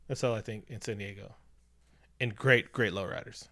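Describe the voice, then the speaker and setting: Young guy chatting casually, bright tense voice, keeps joking and doing voices. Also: moderate pace. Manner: animated, jokey, acts out characters with big pitch jumps. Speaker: podcast co-host recapping a movie. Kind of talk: casual chat.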